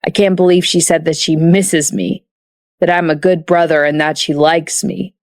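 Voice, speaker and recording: A woman voicing a cold rich husband who speaks curtly and slowly in an icy tone. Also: low voice, steady tone, no echo, clean studio sound, close to an everyday voice. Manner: curt, slow, icy.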